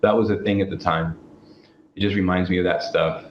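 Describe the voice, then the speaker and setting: A man's voice: low-pitched, fairly even intonation, fairly quick. Argumentative guy on a podcast, swears a bit, roomy echo, kinda dull lo-fi sound, faint hiss behind him. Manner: emphatic, argumentative, profane. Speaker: guest commentator. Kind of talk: casual political chat. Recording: echoey, dull, lo-fi, faint background noise.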